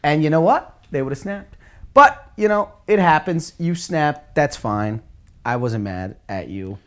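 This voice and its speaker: A man's voice: a little high, animated, a little slow. A man co-hosting a comedy podcast, chatting casually and profanely as he argues his side of a story.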